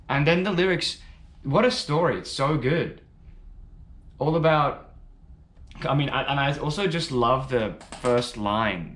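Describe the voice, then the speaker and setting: A man's voice: medium pitch, a bit bright, reverberant, a little hiss or hum. A man giving casual, enthusiastic first-reaction commentary on music, rambling a little and swearing now and then. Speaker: music reaction video host.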